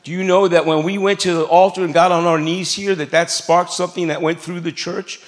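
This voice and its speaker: A man's voice: high voice, flat delivery, brisk. Man preaching a casual, jokey sermon. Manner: conversational, jokey preaching with asides to the congregation. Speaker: pastor. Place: church sanctuary.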